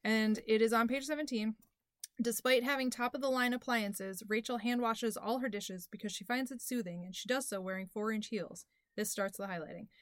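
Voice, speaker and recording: A woman in her thirties co-hosting a book podcast, telling stories with animated energy and frequent swearing. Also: a little high, moderate pace, no room sound, studio quality. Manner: animated storytelling, swears freely. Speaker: podcast co-host. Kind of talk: casual book chat.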